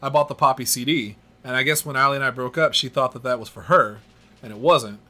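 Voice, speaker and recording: A man hosting a podcast, telling stories in an animated, self-mocking way. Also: medium pitch, quick pace. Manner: animated storyteller, laughs at himself. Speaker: podcast host. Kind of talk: casual podcast chat.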